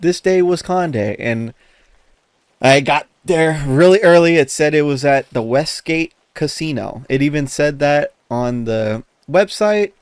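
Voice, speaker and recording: Animated swearing man telling a story. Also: a little high, a little slow, clear, resonant tone, no room sound, clean studio sound. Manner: animated, swears a lot, laughs while telling. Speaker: podcast co-host. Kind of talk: casual storytelling chat.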